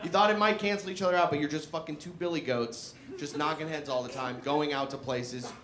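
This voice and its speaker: A man's voice: on the high side, fairly even intonation, fairly quick, fairly bright tone. A young man performing a profane stand-up comedy set, laughing through his punchlines. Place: comedy club in a barbershop. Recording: echoey room with audience noise.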